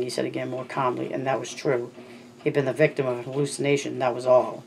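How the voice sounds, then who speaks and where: An audiobook narrator reading a novel in a steady, measured scripted style. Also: mid-range voice, creaky, a little hiss or hum.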